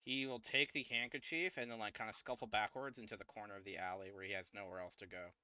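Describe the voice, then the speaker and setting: A man's voice: on the low side, fairly even intonation, quick pace, bright, forceful tone, smooth, dry recording, muffled recording. A man narrating a tabletop game as game master, hesitant with many fillers.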